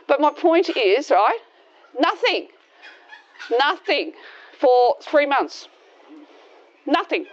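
Blunt, high-voiced woman in her sixties. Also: lively intonation, slow, pauses often, highs cut off. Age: 60s. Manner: blunt, outspoken, swears freely. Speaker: speaker addressing a group. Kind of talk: casual anecdotal talk.

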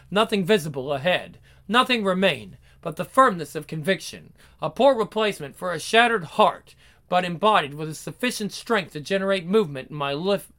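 A distraught young wife. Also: female voice, fairly low pitch, a bit bright. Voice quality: earnest, emotional. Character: anxious devoted young wife telling her story. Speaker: narrator and wife. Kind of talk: 1940s radio acting.

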